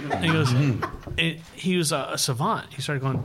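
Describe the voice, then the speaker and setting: A man who paints graffiti, telling stories in a casual podcast chat, swearing a lot and laughing often, with rapid bursts of speech. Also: mid-range voice, background noise. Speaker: graffiti artist and live-stream host.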